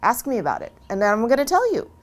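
A woman speaking in a long interview, talking earnestly about her own experience in a lively, conversational way and often restarting her phrases. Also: quick pace. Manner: earnest and animated, with lively swings in pitch. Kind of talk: long-form interview, casual personal talk.

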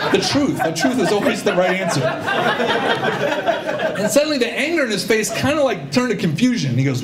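Male stage storyteller, animated, acts out his characters, swooping pitch. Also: a little fast, reverberant. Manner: animated, acts out voices, audience laughter. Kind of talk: live personal storytelling. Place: stage at a live storytelling show. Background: audience laughter.

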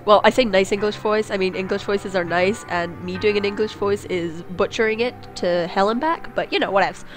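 A woman's voice: mid-range voice, brisk, hardly any pauses, soft background music. A young woman playing a text game, reading aloud and joking crudely about herself as she goes. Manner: crude, self-mocking, rambling. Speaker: let's play gamer.

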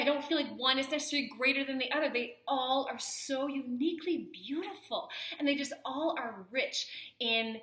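A bright-voiced woman chats to her camera with a gushing, effusive warmth, now and then dropping into a soft whisper. Her voice sits a little high and rings around a roomy, echoey space. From Canada. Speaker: vlogger. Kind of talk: casual chat to camera.

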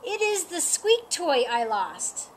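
A cheerful young boy from a children's storybook, speaking in a high, bright voice, voiced by a woman reading aloud. He talks in a gentle, unhurried way. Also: sing-song, slight background noise, full character voice.

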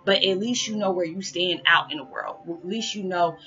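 A spiritual vlogger talks casually to camera, rambling with plenty of fillers and addressing her viewers as y'all. Her voice is lowish at a normal speed, and the audio is muffled with background music.

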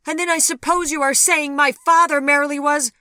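A woman voicing a frantic storybook daughter who shrieks in a piercing high voice, every line loud and panicky. The sound is bright and dry, close to the mic. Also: steady tone, fairly quick, no echo. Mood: outraged.

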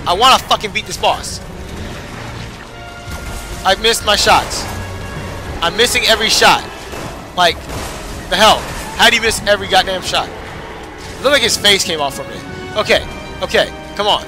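A man's voice: high-pitched, moderate pace, long pauses, music in the background. A young man giving casual, frustrated gameplay commentary, swearing and cheering himself on. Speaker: gamer.

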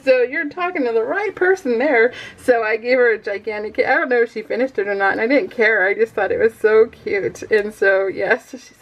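A woman's voice: a little high, a little fast, hardly any pauses, rough recording. Chatty, laughing middle-aged woman. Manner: chatty, rambling, laughs often. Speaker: scrapbooking vlogger. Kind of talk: casual chat while crafting.

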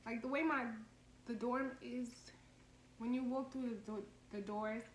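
Brief: woman in her twenties, fairly high voice, blunt profane storyteller, echoey room with faint noise. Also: a little slow. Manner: animated, profane, heated storytelling. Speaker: vlogger telling a story. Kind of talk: casual storytime vlog.

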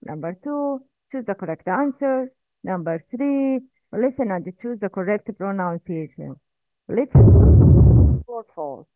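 A woman teaching Quran recitation, drilling pronunciation slowly and correcting errors. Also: mid-range voice, lively intonation, no room sound. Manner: slow, drilling repetition with corrections. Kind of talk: recorded language lesson. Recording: tinny phone-like audio, dry.

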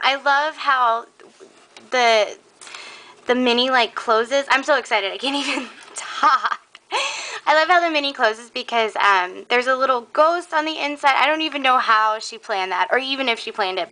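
A young woman talks through a scrapbook in a casual vlog, gushing and excitable, with plenty of "um"s along the way. Her voice sits a little high and sounds bright and sharp. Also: poor audio. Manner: gushing, excitable, many fillers. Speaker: scrapbooking vlogger. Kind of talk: casual show-and-tell vlog.

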